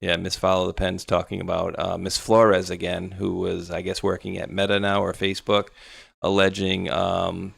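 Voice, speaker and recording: A man co-hosts a talk show in a deep, monotone voice with vocal fry, speaking at a moderate pace with no room sound. The casual political chat is loose and rambling, peppered with sarcastic asides.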